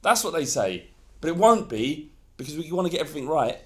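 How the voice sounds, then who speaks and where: A man's voice: on the high side, sing-song, fast, darkish tone. A man co-hosting a football podcast, ranting heatedly in casual chat and swearing freely. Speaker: podcast co-host.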